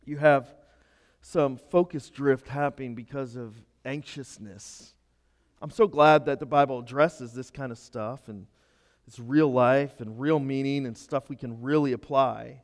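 A male pastor preaches in a high, lively voice that rises to loud emphatic lines and drops to near-hushed asides. His sermon rings with the long reverb of a large hall.

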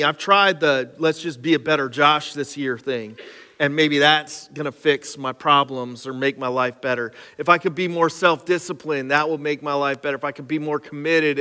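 A man's voice: fairly high pitch, bright, forceful tone. A man preaching a sermon to his congregation, conversational and self-deprecating, with casual asides. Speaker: pastor. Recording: live sermon with long hall reverb and faint music.

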